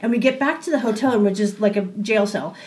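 A young adult woman telling a personal story in a casual way, animated, laughing often and acting out the voices she quotes. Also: mid-range voice, quick pace.

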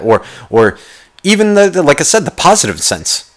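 A young man ranting casually, profane and rambling, telling a story with animated quoted voices. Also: on the high side, normal speed. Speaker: podcast host.

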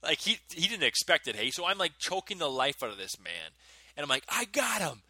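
A man in his thirties, a podcast co-host, telling stories in an animated way and laughing often. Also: on the high side, a little fast, no room sound. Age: 30s. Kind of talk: casual chat.

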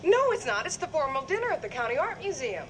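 A woman's voice: sits high, big pitch swings, fast. An actress playing a composed adult woman in a sitcom, dressed up for a formal dinner. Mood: steady, puzzled. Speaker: sitcom character. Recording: noisy old TV clip.

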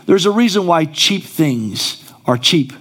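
A man's voice: on the high side, sing-song, measured pace, a bit bright. A male pastor preaching a sermon in a church, conversational and then rising to emphatic exclamations.

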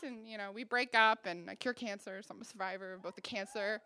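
A woman's voice: mid-range voice, steady tone, fairly quick, hardly any pauses, sharp tone, smooth. A woman in her twenties telling a funny personal story on stage, acting out the dialogue with self-deprecating humor.

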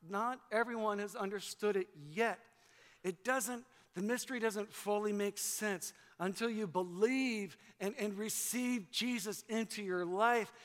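A man's voice: high-pitched, fairly bright tone. A man preaching a sermon as pastor, with an emphatic, repetitive cadence. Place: church sanctuary. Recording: long hall reverb.

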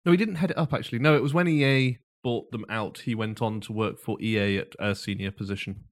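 A man's voice: fairly low pitch, steady tone, quick pace. Dry, wry man co-hosting a podcast. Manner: dry, wry, matter-of-fact. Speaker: podcast co-host. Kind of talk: casual chat. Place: small room at home.

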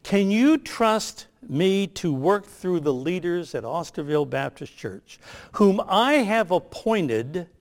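An older man, a pastor, delivering a sermon with emphatic, measured phrasing that slows on key lines. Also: high-pitched, very animated.

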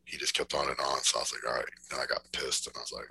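A man's voice: a bass voice, little pitch movement, racing, gravelly, sharp tone, a little hiss or hum, low-quality recording. A man telling a gym story in a laid-back drawl, swearing freely and laughing as he goes. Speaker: podcast guest, bodybuilder. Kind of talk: casual storytelling.

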